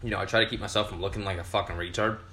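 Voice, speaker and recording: A man's voice: fairly low pitch, steady tone, racing, sharp tone. Tipsy young man rambling, roomy echo. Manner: profane, meandering, frequent fillers. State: tipsy from beer. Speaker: podcast host. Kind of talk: rambling casual monologue.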